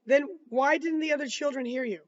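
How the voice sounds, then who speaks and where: A man reading aloud, voicing a calm, patient lawyer cross-examining a witness in measured questions. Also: very high-pitched, lo-fi sound, pitched above the performer's own voice. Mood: probing.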